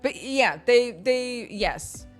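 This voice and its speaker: A woman in her thirties from the United States talks in a fairly high, animated voice, but extremely slowly, with soft music in the background. She's a streamer chatting casually and telling stories full of laughter, doing the voices of the people she quotes.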